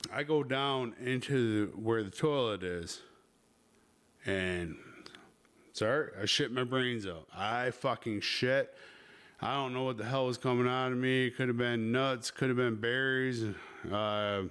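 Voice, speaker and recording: A man's voice: mid-range voice, a bit bright. A man hosting a podcast, telling a rambling, crude story full of swearing. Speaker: podcast host.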